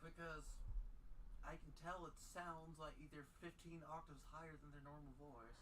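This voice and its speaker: A woman's voice: low-pitched, little pitch movement, normal speed, sharp tone. A woman with a Southern US accent in casual chat, blunt and grumbling. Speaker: streamer's wife.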